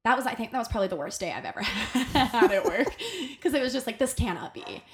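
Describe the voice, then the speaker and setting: A young adult woman, a podcast guest, telling a workplace story in a casual, animated way, full of fillers and acted-out quotes. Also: fairly high pitch, fast talker, slight background noise.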